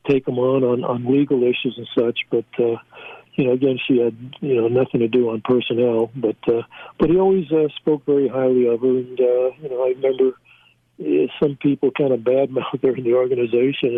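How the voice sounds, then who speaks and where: A man's voice: mid-range voice, steady tone, no room sound. Older male guest, rambling anecdotal delivery full of restarts, heard over a thin phone line. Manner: halting, many fillers and restarts, laughs at own stories. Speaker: guest, former team scout. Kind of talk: storytelling in a casual interview. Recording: tinny phone line, dry.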